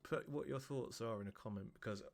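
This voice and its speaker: A man's voice: medium pitch, a little fast, creaky, darkish tone. A man doing casual reaction commentary, swearing, laughing and putting on silly voices. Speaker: reaction video host.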